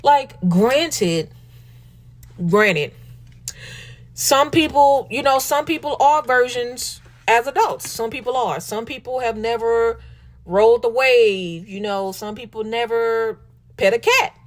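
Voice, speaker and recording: This podcast host talks slowly in a fairly high-pitched voice with a Southern US accent. Hosting a casual commentary talk show, she's sassy and animated and calls her listeners baby and y'all.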